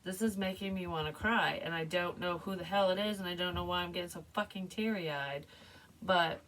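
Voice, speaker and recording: A woman's voice: lowish voice, a little fast, fairly bright tone, recorded from a distance, poor audio. A middle-aged woman giving a casual tarot reading, rambling and frank and swearing freely. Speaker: psychic tarot reader.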